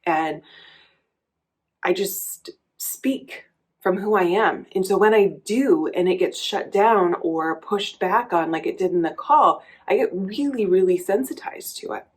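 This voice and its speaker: A woman's voice: fairly low pitch, a little mellow, husky. A woman coach speaking candidly and reflectively in a personal vlog, telling a story with many small restarts. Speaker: coach and vlogger.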